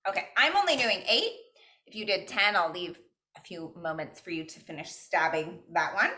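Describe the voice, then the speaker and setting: Upbeat woman running an online cooking class, bright voice, counts along and tosses in spanish words, home kitchen on a video call. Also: lowish voice, lively intonation, normal speed. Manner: upbeat, mixes in Spanish phrases and counts aloud. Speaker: cooking instructor.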